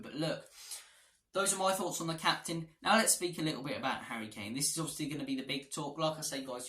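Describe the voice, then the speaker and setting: A man's voice: mid-range voice, sharp tone. A man giving a passionate, opinionated match preview as a football fan vlogger. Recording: echoey room.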